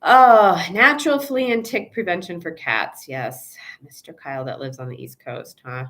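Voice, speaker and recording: A woman's voice: fairly low pitch, normal speed, fairly bright tone. A woman veterinarian hosting a casual live Q&A, chatty and rambling, with asides and acted-out quotes. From Chicago area, USA.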